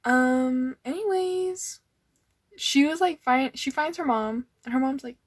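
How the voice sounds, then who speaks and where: A young woman with a high voice speaks slowly as she flips through her old sketchbooks, rambling casually. She sounds nervous and uses lots of fillers, and the recording is dry.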